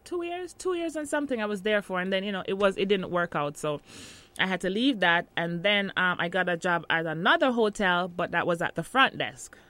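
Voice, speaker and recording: A woman's voice: medium pitch, animated, a little fast, pushed and bright. A woman in her thirties from Jamaica with a Jamaican accent, chatting casually in an interview and laughing often.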